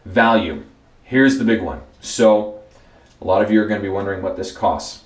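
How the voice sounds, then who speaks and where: A relaxed man talks through a product review in a low, unhurried voice. He leans on repeated words and loose fillers as he goes. The recording is roomy, with plenty of echo around him. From United States. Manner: easygoing, repeats words for emphasis, frequent fillers. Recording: roomy echoey room.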